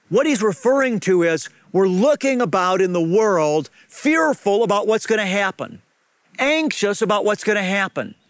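A man preaching as a rabbi in a slow, emphatic sermon with repeated phrases. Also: high-pitched, dry recording.

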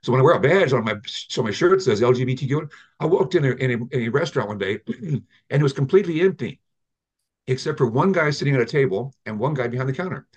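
An older man speaks as an interview guest, his mid-range voice animated, quick, slightly mellow and husky, though the recording is muffled. He tells long, rambling stories about the app he built, often restarting his sentences in a conversational way.

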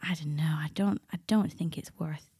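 A woman in her thirties co-hosting a podcast, chatting in a relaxed, reflective way. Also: sits low, normal speed, husky, dry recording, studio quality. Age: 30s. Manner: reflective and relaxed, with a lot of fillers. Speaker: podcast co-host. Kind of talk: casual chat.

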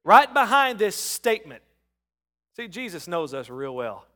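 High, bright-voiced preacher man. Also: big pitch swings, unhurried. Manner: swings from soft to loud preaching shouts; calls on the congregation to respond. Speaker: pastor. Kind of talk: sermon.

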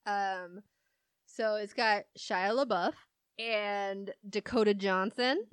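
A woman speaks in an unhurried, smooth and clear voice on a casual movie-review chat. She rambles through plot retellings with lots of "like" and frequent giggles, and her sound is close and dry. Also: medium pitch, steady tone, no room sound. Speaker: podcast co-host.

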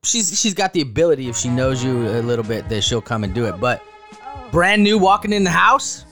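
A man co-hosting a casual podcast chat, talking expressively and jumping into high quoted voices. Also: sing-song, brisk, fairly bright tone, soft background music. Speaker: podcast co-host.

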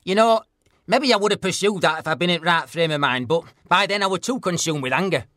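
Man doing a bright-voiced deadpan northern bloke, blunt, middle-aged, high-ish. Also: brisk, no room sound, studio quality. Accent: Northern English. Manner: deadpan, blunt, plain-spoken. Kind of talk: mock documentary interview.

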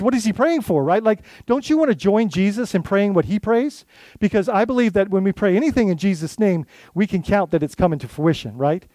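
A man's voice: high voice, warm tone, dry recording. A man who is a lead pastor, giving an earnest, conversational sermon full of restarts and asides.

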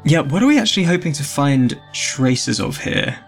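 A man's voice: a little high, animated, moderate pace, faint music behind. A man playing a tabletop game, making wry joking asides in casual chat. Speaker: player.

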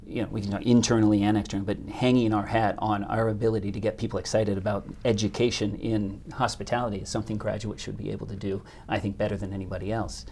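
A man's voice: on the low side, little pitch movement, a little mellow, a little hiss or hum. A man being interviewed as a hotel company executive, speaking with frequent restarts and repetitions. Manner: halting, many restarts. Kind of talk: business interview.

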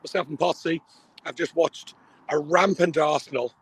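A man with a slightly high, husky voice talks fast and excitedly down a phone held to his ear. He rambles and swears freely, calling in from the street. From Ireland. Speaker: live correspondent at the match. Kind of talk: excited phone call from a match. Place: outdoors near a stadium.

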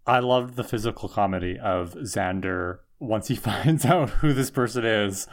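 A man's voice: on the low side, a little slow. A man co-hosting a podcast in an easy, joking way. He laughs a little through his lines as he recaps. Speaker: podcast co-host. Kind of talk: casual chat recapping a TV episode.

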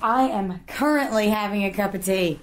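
A woman's voice: medium pitch, moderate pace. A woman chatting as a guest musician in a casual interview, giggly and playful. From United States. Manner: giggly, laughs often, playful.

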